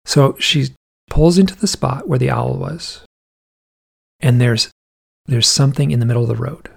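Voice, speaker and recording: A man telling a story in a casual, animated way, with vivid detail and frequent restarts. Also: medium pitch, normal speed, vocal fry, breathy edge.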